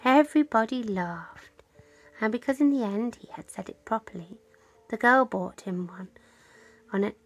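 A woman reading a children's story aloud at bedtime, soft and often close to a whisper. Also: fairly high pitch, moderate pace, faint music behind.

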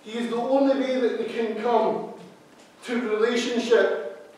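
A man preaching with a high voice, set back from the microphone. His words ring through a very echoey church hall, and he repeats key phrases with emphasis. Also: fairly even intonation, measured pace, darkish tone, a little hiss or hum. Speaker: associate minister. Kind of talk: sermon. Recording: very echoey hall, speaker far from mic.

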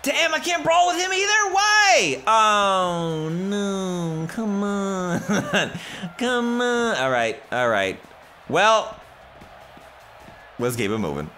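A man's voice: high-pitched, lively intonation, extremely slow, bright, forceful tone, faint music behind. A man casually narrating his own video game play, joking and muttering to himself as he goes. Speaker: gaming YouTuber. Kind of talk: let's play commentary.

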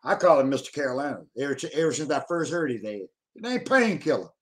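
A man's voice: medium pitch, lively intonation, quick pace. A man, a guest telling boastful, profane stories in casual chat. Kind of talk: casual chat about CB radio.

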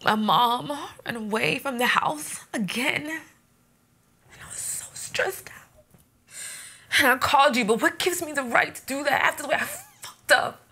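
An actress playing a guilty, defiant ex-fiancée who pleads and accuses by turns. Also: female voice, high-pitched, measured pace, sharp tone, full character voice. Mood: emotional. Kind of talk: romantic drama acting.

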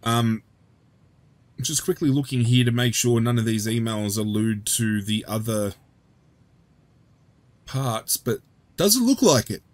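A man talking through a video game in a relaxed commentary style, at an ordinary mid pitch. He chats and jokes with his viewers and swears freely between his remarks. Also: slow, long pauses. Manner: chatty, swears freely, jokey asides. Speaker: gameplay commentator. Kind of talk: casual gameplay commentary.

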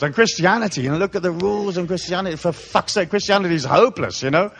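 A man's voice: high voice, fast, gravelly, a bit bright. A middle-aged man born in England and raised in Africa, giving a live talk to an audience as a spiritual lecturer in a profane, mocking, comic style. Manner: profane, mocking, comic rant with put-on voices.

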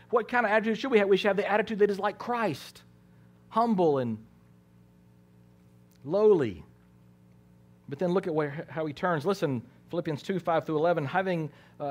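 Preaching man with dramatic soft-loud swings. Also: fairly high pitch. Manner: preaching with dramatic swings between soft hushed lines and loud emphatic ones; repeats words as he restarts phrases. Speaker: pastor. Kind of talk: sermon.

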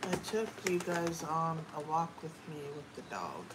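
A woman's voice: low voice, very animated, moderate pace. A woman chatting playfully with a friend during a livestream. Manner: playful, teasing. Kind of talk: casual chat. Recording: noisy background.

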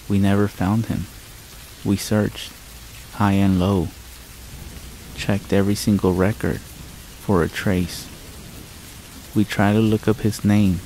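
A man calmly narrating a scripted horror story in a measured storytelling manner, with rain sounds behind him. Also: low-pitched, a little hiss or hum, rough recording.

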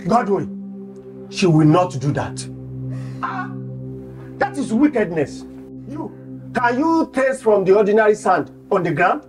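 A pleading, indignant Nigerian relative, lively voice over clear film score. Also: medium pitch, slow, pauses often, music in the background. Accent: Nigerian Pidgin English. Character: relative defending a grieving widow. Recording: film score under the dialogue.

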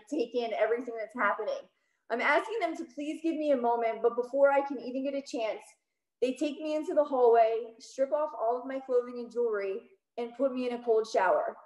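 This woman tells a personal story at a storytelling event, with a slightly high voice. She speaks with raw emotion and scatters "like" through her sentences, and the sound is roomy and echoey. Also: a little mellow. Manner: emotional, quick with many "like"s. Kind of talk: personal story told on stage. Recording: roomy echo.

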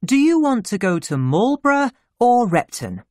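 A reader voicing a firm, measured mother in a children's story. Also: mid-range voice, very animated, no echo, studio quality, voice pushed up, lightly acted. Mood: calm. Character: calm, firm mother of the narrator.

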